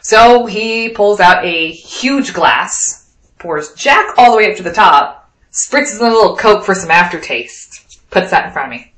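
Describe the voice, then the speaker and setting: A woman from Wyoming telling a lively anecdote in a casual way, acting out the lines of the people she met. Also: medium pitch, unhurried, reverberant, poor audio. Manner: lively anecdotal, acts out quoted dialogue. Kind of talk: casual storytelling.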